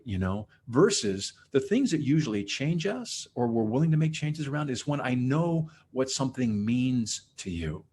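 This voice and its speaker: A man's voice: medium pitch, darkish tone, a little hiss or hum. Reflective man hosting a podcast. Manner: reflective, thinks aloud with many "kind of" and "you know". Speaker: podcast host, psychologist. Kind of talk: conversational interview.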